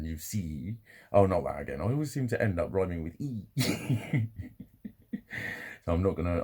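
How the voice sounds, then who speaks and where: A man's voice: lowish voice, gravelly, dark tone. A middle-aged man, talking in a casual, rambling monologue to his camera. He swears a lot and often laughs at his own jokes. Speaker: vlogger.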